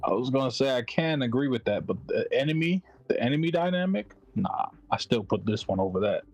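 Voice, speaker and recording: Animated slangy man talking games. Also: medium pitch, brisk, poor audio. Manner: animated, slangy, swears freely. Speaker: guest. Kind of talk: casual gaming chat.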